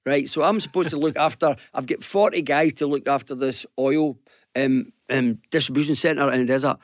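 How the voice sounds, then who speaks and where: A man from Glasgow with a Glaswegian Scottish accent, telling a business anecdote on a radio show with lively acted-out quotes. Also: medium pitch, moderate pace, no echo, clean studio sound. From Glasgow, Scotland. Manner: lively storyteller, acts out quotes, chuckles. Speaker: business guest panellist.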